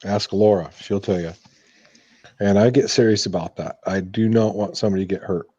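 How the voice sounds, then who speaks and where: Give me an earnest man with a low, husky voice, recorded dry and dull. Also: brisk, warm tone, no room sound. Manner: earnest, emphatic about safety. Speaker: crew leader. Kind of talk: casual chat. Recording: dull lo-fi audio.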